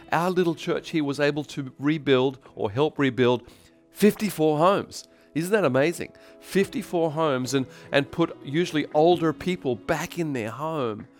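A man preaching a sermon as pastor, animated, moving between loud calls for praise and quiet storytelling. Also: medium pitch. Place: church in Tokyo.

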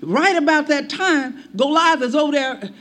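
A male preacher delivering a lively sermon as folksy storytelling. His voice is high-pitched and bright, and he shouts at times with laughing asides. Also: moderate pace.

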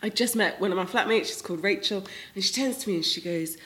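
Chatty woman from Manchester. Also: mid-range voice. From Manchester, England. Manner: chatty and animated, quick storyteller. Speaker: podcast co-host. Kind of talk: casual podcast chat. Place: church hall. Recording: church hall recording with music behind.

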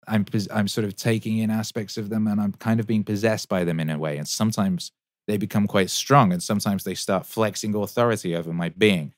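Low-voiced, rambling man on a livestream. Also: steady tone, a little fast, no echo, clean studio sound. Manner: rambling, profane, enthusiastic, lots of fillers. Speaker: musician and show host answering chat. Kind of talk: casual livestream Q&A.

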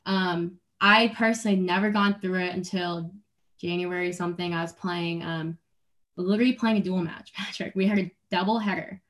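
A woman's voice: on the low side, steady tone, moderate pace, fairly bright tone. A young adult woman, an athlete guest in a casual interview, talking earnestly and rambling, with restarts and little laughs.

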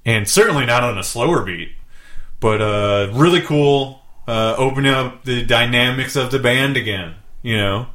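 A man's voice: mid-range voice, normal speed, fairly bright tone. A laid-back American man hosting a casual podcast chat about music, rambling a little and swearing freely.

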